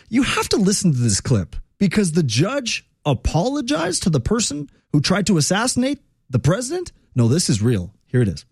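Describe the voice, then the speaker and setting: A man's voice: on the high side, a little mellow, husky, dry recording, clean studio sound. A man hosting a talk radio show, ranting in a conversational, opinionated way with fillers.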